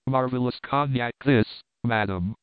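Oily spy, falsely gallant, read by a man, smooth resonant tone, tinny line. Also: mid-range voice, a little slow, no echo, lightly acted. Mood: ingratiating. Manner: smooth, ingratiating, fishing for confidences. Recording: tinny phone-like audio.

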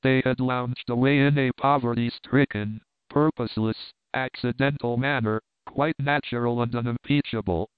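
Male audiobook narrator, measured, smooth resonant voice, dry phone-like sound. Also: mid-range voice, steady tone, dry recording. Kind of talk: scripted classic-novel narration.

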